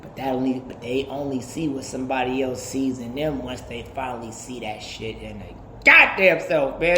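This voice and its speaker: A man in his thirties talking in a casual, animated, profane podcast monologue, laughing often. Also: mid-range voice, normal speed, hardly any pauses, echoey room, background noise. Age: 30s. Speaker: podcast host.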